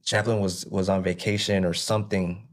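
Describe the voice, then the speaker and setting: A man recounts his own hard past as an interview guest. His voice sits low and barely moves in pitch, and his telling is halting, looping back with "you know what I mean". It sounds like a relaxed personal testimony.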